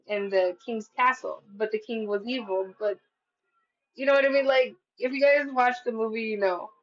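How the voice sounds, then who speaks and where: A woman's voice: mid-range voice, dull audio. A woman giving a casual tarot reading, talking in a chatty, profane way with lots of "like". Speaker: tarot reader.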